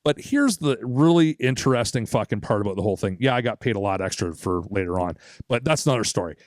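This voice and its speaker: A man's voice: on the low side, lively intonation, fast, no echo, studio quality. A young man co-hosting a podcast, telling a long story in a casual, profane way and acting out other people's lines. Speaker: podcast co-host.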